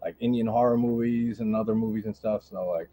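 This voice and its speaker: A man's voice: lowish voice, fairly even intonation, brisk, mellow, a little hiss or hum. A man co-hosting a casual movie chat stream, laid-back and filler-heavy, laughing often. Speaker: podcast co-host.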